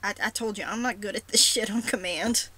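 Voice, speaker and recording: A woman's voice: medium pitch, brisk, sharp tone, slightly rough, low-quality recording. A woman with a sore throat talking casually to her followers in a rambling, self-deprecating way. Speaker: roleplay blogger. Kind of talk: casual vlog talk.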